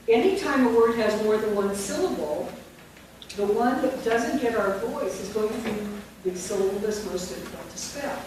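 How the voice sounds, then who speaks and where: A woman trains teachers, dictating words and quizzing the class as she goes. She sounds far from the microphone in a very echoey room. Steady noise hums beneath her. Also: mid-range voice.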